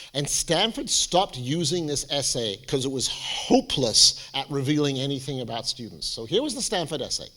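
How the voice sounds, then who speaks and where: A man speaking as a college admissions adviser, giving a lively, theatrical presentation to students and parents. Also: mid-range voice. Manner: animated, theatrical, jokey storyteller.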